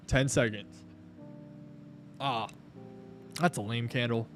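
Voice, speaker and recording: A young man live-streaming his crypto trading, chatting casually, thanking viewers and coaxing the price chart out loud. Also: on the high side, expressive, moderate pace, soft background music.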